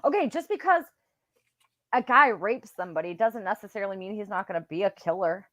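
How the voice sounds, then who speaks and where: A woman's voice: medium pitch, expressive, brisk, pushed and bright, no room sound. A woman co-hosting a casual true-crime podcast, giggling often and arguing back playfully. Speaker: podcast co-host presenting the case.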